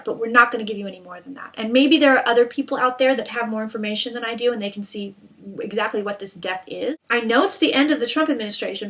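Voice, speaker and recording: Bright-voiced woman doing blunt tarot readings. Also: on the high side, slight background noise. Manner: blunt, irreverent and chatty, with frequent fillers. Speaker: psychic tarot reader. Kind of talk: casual tarot reading monologue.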